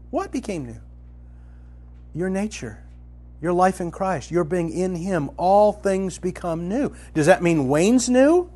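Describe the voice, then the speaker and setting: A man teaching from the Bible in a conversational, colloquial style, telling the story vividly and swinging from loud to hushed. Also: high voice, lively intonation, takes it slowly. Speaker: preacher.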